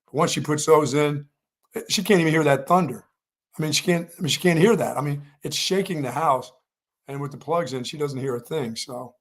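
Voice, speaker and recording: A man's voice: on the high side, fairly quick. Rambling man co-hosting a radio show. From Pennsylvania. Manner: rambling, repeats himself, stammers. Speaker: sports radio co-host. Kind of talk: casual morning show chat.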